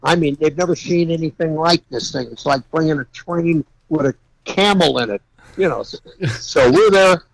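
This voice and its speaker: A man guest, a custom car builder, telling folksy, animated stories and laughing along the way. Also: on the high side, moderate pace, creaky, no echo, poor audio. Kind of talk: anecdotal storytelling.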